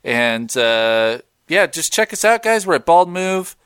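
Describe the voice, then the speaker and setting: A man's voice: on the high side, measured pace, clear, resonant tone, no room sound, studio quality. A man co-hosting a podcast, bantering casually and laughing easily. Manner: animated, joking, laughs easily. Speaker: podcast co-host.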